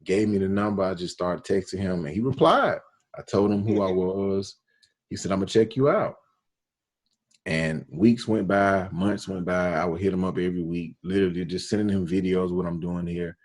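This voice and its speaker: A radio DJ from Alabama, telling his story in a relaxed interview with slang and quoted dialogue. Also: deep voice, a little fast. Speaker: radio DJ, podcast guest.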